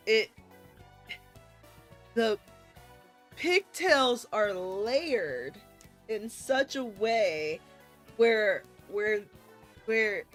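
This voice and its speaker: Giggly, slow-talking woman streamer. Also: medium pitch. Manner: giggly, self-deprecating asides. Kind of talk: casual game stream commentary.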